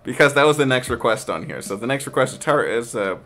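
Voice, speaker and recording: A man casually hosting a game stream, reading chat aloud, trailing off and restarting, with bursts of excited play-by-play. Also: mid-range voice, quick pace. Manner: excited play-by-play shouting during action. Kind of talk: casual live-stream commentary.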